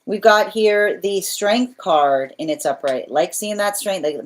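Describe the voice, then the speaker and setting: A woman's voice: medium pitch, lively intonation, a little slow. A woman giving a live tarot reading, earnest and repetitive, often restarting phrases and checking in with "right?". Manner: restarts phrases while thinking aloud. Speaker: tarot reader.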